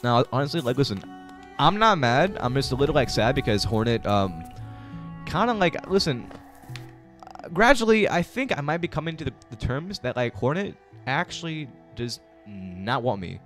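A young man rambling and yelling crude jokes while streaming a game. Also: mid-range voice, big pitch swings, normal speed, faint music behind. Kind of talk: gameplay commentary.

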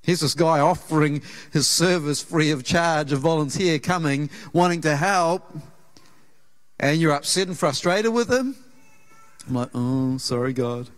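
Earnest New Zealand pastor preaching. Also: male voice, fairly high pitch. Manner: storytelling, acts out quoted voices, earnest. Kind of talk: sermon. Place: church auditorium.

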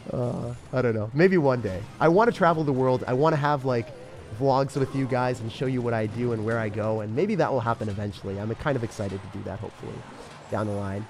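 A man's voice: mid-range voice, brisk, darkish tone. A young man chatting casually and upbeat on a live game stream, rambling with lots of fillers. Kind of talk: casual live-stream chat while gaming.

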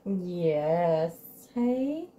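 A woman's voice: lowish voice, very animated, extremely slow, muffled recording, noisy background. Gushing, chatty woman groomer. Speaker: dog groomer hosting a livestream. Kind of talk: casual livestream chat. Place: grooming salon.

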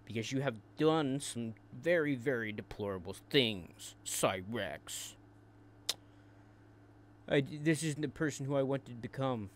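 A man's voice: mid-range voice, lively intonation, measured pace, slight background noise. Crude, taunting male commentary host. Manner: taunting, crude, repeats words in bursts. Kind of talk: mocking commentary.

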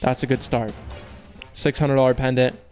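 With soft music underneath, this young male case-opening host talks at a moderate pace in a level, medium-pitched voice. He chats to viewers in slang, groaning when a case disappoints and cheering loudly when it pays off.

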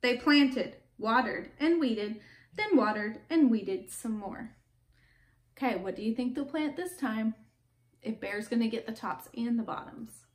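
A woman reading a picture book aloud to children, gentle and stopping to ask them questions. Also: on the high side, lively intonation, a little slow. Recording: echoey room with faint background.

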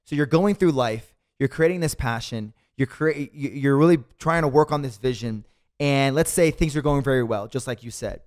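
A man hosting a podcast interview, talking in a casual, slangy, animated way. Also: mid-range voice, normal speed. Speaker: podcast host.

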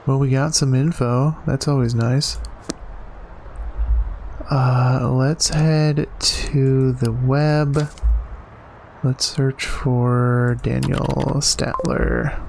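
Unhurried man commenting on a game. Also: medium pitch, gravelly, slight background noise. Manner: chatty, reads game text aloud, excited exclamations. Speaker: gaming channel host. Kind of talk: casual let's play commentary.

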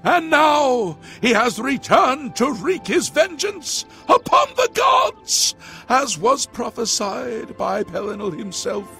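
A man's voice: very high-pitched, sing-song, slow, creaky, sharp tone, full character voice. An actor playing a solemn male prophet in a video game, declaiming warnings of an ancient sorcerer's return, with faint music behind. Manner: grave, declaiming, prophetic, chants ancient words. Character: grim old male prophet of doom, solemn.

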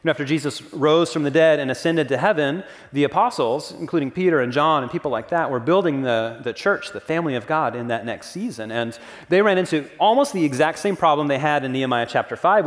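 A man's voice: on the high side, animated, fast talker. A man preaching a sermon as pastor, earnest and conversational, with casual asides to the congregation. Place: church sanctuary. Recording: long reverb of a church hall.

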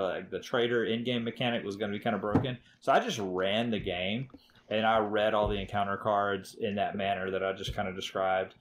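A man with a lowish voice hosts a casual board game podcast. He talks with eager, rambling enthusiasm and plenty of fillers, and a faint noise sits under the recording. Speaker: podcast host.

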